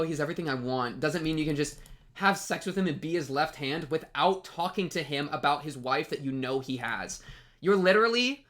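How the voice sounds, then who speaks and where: A man's voice: on the high side, fairly bright tone. Exasperated young man ranting with sudden jumps. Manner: rambling, many restarts and "like"s. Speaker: anime reaction channel host. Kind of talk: animated reaction commentary.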